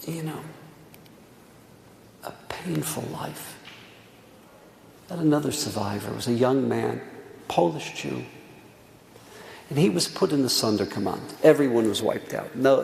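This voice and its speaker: Gravelly middle-aged rabbi in echoey synagogue. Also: male voice, medium pitch, normal speed, a little mellow. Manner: earnest storytelling, repeats words for emphasis, drops to near whisper. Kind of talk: Tisha B'Av sermon with stories. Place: synagogue hall. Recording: echoey hall, faint room noise.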